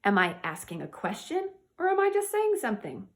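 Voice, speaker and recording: A woman's voice: on the high side, huge pitch swings, a little fast. Cheerful lady teacher talking to little kids, sounding out words bit by bit. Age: adult. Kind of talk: early-grade reading and punctuation lesson.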